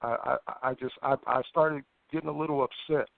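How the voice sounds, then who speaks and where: A man, a guest on a phone interview, telling a personal story in a lively way, with stammered restarts and acted-out thoughts. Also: medium pitch, a little fast, creaky, dry recording. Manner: animated, stammering restarts, acts out his own past thoughts. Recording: tinny phone line, dry.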